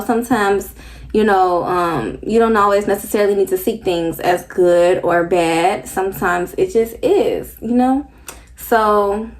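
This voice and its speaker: A woman hosting a reaction video, chatting casually and frankly, full of "like" and the odd swear word. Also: medium pitch. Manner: loose, frank, sprinkled with "like" and swearing. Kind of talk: casual chat.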